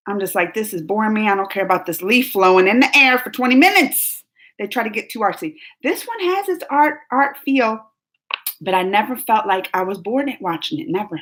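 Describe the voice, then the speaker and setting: A woman hosting a live movie chat, talking in a rambling, animated way with lots of fillers and laughs. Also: fairly high pitch. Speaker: host of a movie reaction livestream. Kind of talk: casual livestream chat.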